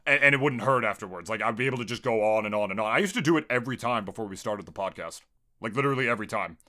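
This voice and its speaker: A man co-hosting a podcast in crude casual banter, joking, swearing a lot and breaking into high laughing shouts. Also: lively intonation, racing. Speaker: podcast co-host; Smash commentator.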